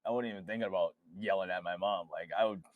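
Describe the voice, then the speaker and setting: A man's voice: deep voice, steady tone, fast talker, no echo, narrow, tinny audio. A man who is a father, co-hosting a podcast in blunt casual chat and swearing freely. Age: adult father. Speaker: podcast co-host.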